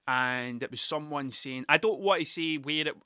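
A man's voice: a little high, normal speed, pushed and bright, clean tone, dry recording, studio quality. A Scottish man, a musician, telling rambling, sweary stories about gigs in a casual monologue, often laughing at himself.

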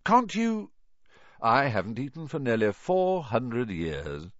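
A man voicing a stiff, formal old ghost gentleman with a pompous manner. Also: medium pitch, very animated, slow, no room sound, muffled recording. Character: stiff, courtly old male ghost, easily miffed.

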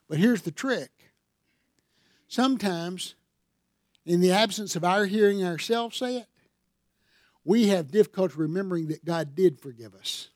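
A man's voice: sits high, animated, normal speed, pauses often, a little mellow, no echo, studio quality. A man preaching a sermon as pastor, telling stories in a folksy way and building to fervent emphasis.

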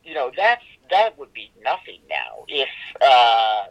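A man giving an interview as founder of an organization, speaking in a halting, conversational way with many fillers and restarts. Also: mid-range voice, wildly swooping pitch, creaky, fairly bright tone, highs cut off.

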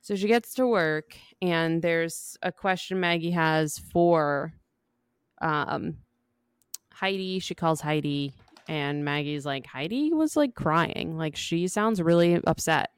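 A woman co-hosting a podcast, recapping a book in an easygoing way, with quick acted-out quotes. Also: low-pitched, smooth, no room sound, studio quality. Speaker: podcast co-host.

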